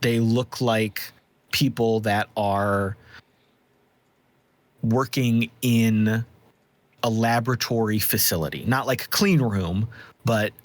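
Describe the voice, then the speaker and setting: A man running a tabletop game as game master, describing scenes in a measured way, with occasional ums. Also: on the low side, no room sound.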